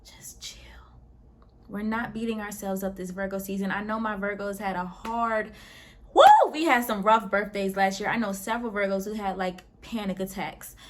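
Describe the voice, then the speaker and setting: A woman's voice: medium pitch, steady tone, moderate pace. A woman in her twenties hosting a show, giving a casual, slangy spiritual pep talk and leading a guided meditation with frequent laughter. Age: 20s. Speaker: host.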